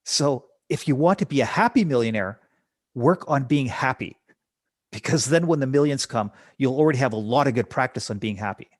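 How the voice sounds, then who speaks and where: A man's voice: mid-range voice, lively intonation, a little fast, no echo, studio quality. A man speaking as a podcast guest, telling stories and reflecting with rhetorical questions. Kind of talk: conversational storytelling.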